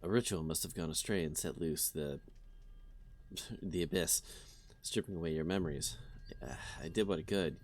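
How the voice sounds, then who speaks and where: A man's voice: sits low, moderate pace, pauses often, lightly acted. A man reading a fading partner's clipped words. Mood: faint, strained. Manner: quiet, clipped, strained fragments. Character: dying androgynous partner, weak and fading.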